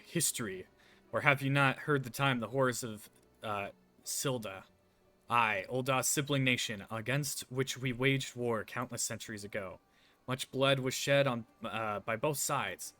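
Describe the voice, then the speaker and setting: A man voicing a superstitious, grieving older parent in a put-on folksy accent, telling dark tales dramatically. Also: medium pitch, measured pace, faint music behind. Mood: ominous. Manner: brooding, dramatic storytelling.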